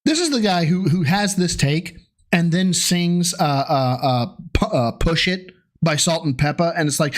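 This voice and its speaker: A man's voice: on the high side, expressive, moderate pace. A man giving sarcastic, profane reaction commentary, ranting in exasperation. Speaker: co-host mocking a recap video.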